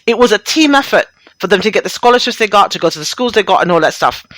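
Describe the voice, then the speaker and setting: A woman's voice: mid-range voice, expressive, fast, fairly bright tone, dry recording. Blunt, profane middle-aged woman host. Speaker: radio show host. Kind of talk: casual, profane talk radio monologue.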